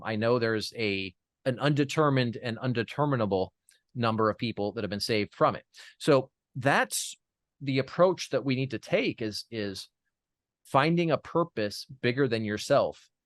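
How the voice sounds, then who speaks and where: A man's voice: mid-range voice, dry recording. A man as an interview guest, telling a personal story in an earnest way, with many fillers and restarts.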